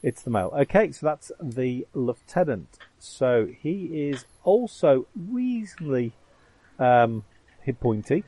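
A man's voice: mid-range voice, big pitch swings, mellow, a little hiss or hum, poor audio. A man running a tabletop game as game master, hesitant and full of ums as he describes the combat. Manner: halting, full of ums and uhs.

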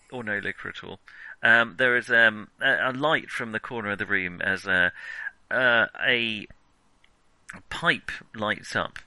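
A man's voice: fairly low pitch, pushed and bright, no room sound, low-quality recording. A man narrating a tabletop game as game master, hesitant and full of ums.

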